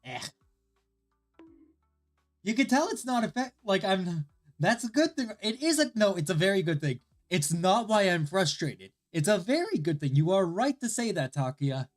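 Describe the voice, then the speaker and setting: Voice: medium pitch, sing-song, moderate pace, faint music behind. A streamer at home, tired and coming down with a cold, chatting casually while practicing Japanese, frustrated and swearing often.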